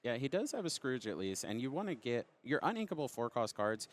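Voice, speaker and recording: A man's voice: medium pitch, very animated, brisk. A man giving conversational, analytical color commentary on a card game tournament, drawing on his own play.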